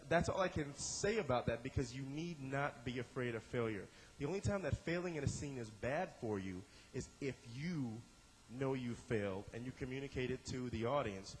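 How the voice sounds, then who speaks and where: Man, improv teacher, mid-range voice, energetic, acts out examples, repeats words, long hall reverb. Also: medium pitch. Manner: repeats and restarts words often. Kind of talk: instructional talk to a class.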